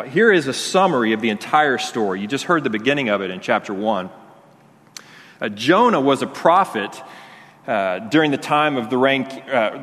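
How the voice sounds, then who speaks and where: A man preaching a sermon, telling the story in an animated, conversational way and acting out the voices. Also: medium pitch. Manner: conversational with frequent restarts. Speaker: pastor. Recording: long hall reverb.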